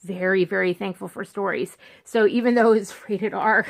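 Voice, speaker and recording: A woman's voice: mid-range voice, fairly even intonation, moderate pace, vocal fry. A woman in her thirties chatting casually about movies she loves on her vlog, rambling and often breaking off and restarting her sentences. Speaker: movie vlogger. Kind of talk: casual chat.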